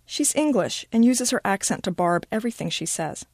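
A woman reading a short story aloud, her pitch rising and falling in a lively way. Her voice sits mid-range and her telling is expressive. The recording is close and dry. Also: brisk, no echo. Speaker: reader.

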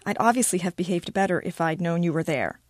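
A woman's voice: fairly low pitch, fast talker, dry recording, clean studio sound, close to an everyday voice. Miranda, a tart mother as a woman reads her. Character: tired, sharp-tongued mother of two boys.

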